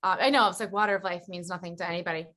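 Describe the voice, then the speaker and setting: A woman guest chatting in an interview, lively and gushing as she tells stories. She restarts her sentences often and lets her excitement run ahead of her words. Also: fairly low pitch, very fast. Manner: animated, gushing storyteller with many restarts. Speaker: actress guest. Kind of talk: casual interview chat.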